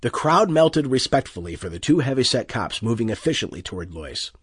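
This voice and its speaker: Expressive husky male audiobook narrator. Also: mid-range voice, brisk, no echo, studio quality. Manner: expressive, tense storytelling.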